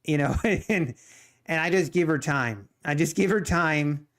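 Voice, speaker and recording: A man's voice: fairly high pitch, animated, a little slow, a bit bright. A middle-aged man chatting casually on his live trading stream, joking, laughing often and rambling as he answers viewer chat. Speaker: live-streaming day trader.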